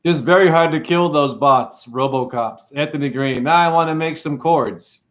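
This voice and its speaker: A man hosting an online show, rambling through playful wordplay in a sing-song way, with sudden high whoops and drawling asides. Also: moderate pace, a bit bright. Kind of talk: rambling livestream monologue.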